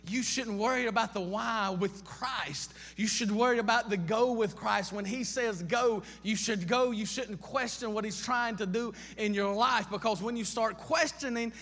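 High bright-voiced preacher. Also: male voice, moderate pace, few pauses. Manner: impassioned, piles up repeated questions, frequent restarts. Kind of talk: sermon. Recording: long reverb of a large hall.

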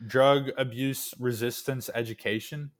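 A young man co-hosting a casual sports podcast, sarcastic and rambling, dropping into low mumbled asides. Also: fairly even intonation, measured pace, crowd noise.

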